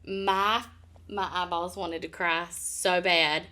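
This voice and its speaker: Woman, older, bright tone, animated storytelling, frequent laughter, casual podcast chat. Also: on the low side, slow pace. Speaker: podcast co-host. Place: Nashville area.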